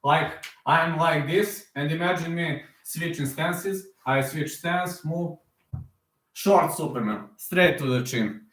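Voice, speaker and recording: A man hosting an MMA news reaction, talking casually and excitedly, repeating himself as he acts out fight moves. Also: fairly high pitch, slow pace, echoey room.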